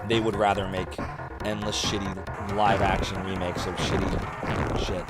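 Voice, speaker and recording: A man's voice: deep voice, flat delivery, a little slow. A man streaming a retro game, joking, swearing and humming tunes as he plays, with game music behind. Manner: goofy and profane, hums and sings tunes. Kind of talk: casual live-stream commentary.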